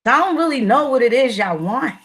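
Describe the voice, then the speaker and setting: A woman's voice: high-pitched, lively intonation, brisk, fairly bright tone. A woman giving a profane, repetitive livestream commentary, speaking in a confrontational way.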